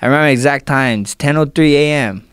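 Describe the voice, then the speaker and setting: A man's voice: a little high, fairly quick, smooth, no room sound, studio quality. A young man in his twenties, a guest fighter, telling stories in casual chat and laughing as he goes. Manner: animated, laughs while telling. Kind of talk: casual storytelling.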